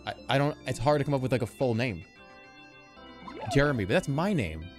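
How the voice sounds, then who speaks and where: A man in his thirties chatting casually with his live chat, animated and jokey, swinging between loud outbursts and low mutters. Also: a little fast, over music. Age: 30s. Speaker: livestreamer.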